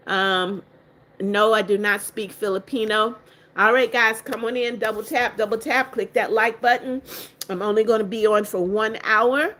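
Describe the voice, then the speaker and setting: An older woman reads her livestream viewers' comments aloud one after another in a slightly high, fairly bright voice at a measured pace. Each gets a motherly greeting and blessing in return, and she is firm with anyone rude.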